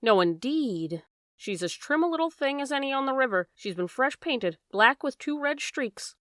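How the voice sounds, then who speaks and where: A woman's voice: high voice, animated, moderate pace, fairly bright tone, no echo, clean studio sound, voice pushed up. A woman voicing an anxious, chatty boatman's wife, in an audiobook. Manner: homely, dropped endings, worried run-on talk.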